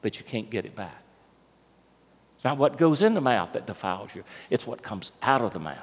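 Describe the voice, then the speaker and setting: Using a mid-range, sing-song voice at a moderate pace, an American pastor gives a sermon and tells the story in a conversational manner. He puts questions to the congregation, and the church sanctuary adds long reverb to the recording.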